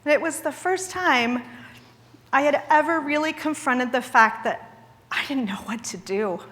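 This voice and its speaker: A woman's voice: sits high, a little slow, a bit bright. A woman in her forties from Idaho gives an earnest, candid speech at a charity gala, mixing wry humor into a personal story. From Idaho, USA. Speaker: guest speaker at a charity gala. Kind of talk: public speech. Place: large event hall. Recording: long hall reverb.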